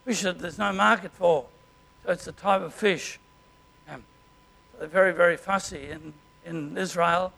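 An Australian man preaching a sermon as pastor, in a conversational way and often clearing his throat. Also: sits high, steady tone, a little slow, bright, forceful tone.

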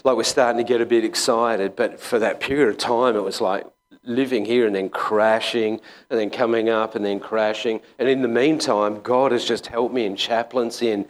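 A man, a school chaplain, preaching a sermon in a conversational, halting way with many pauses and restarts. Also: medium pitch, fairly even intonation. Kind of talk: sermon with personal story.

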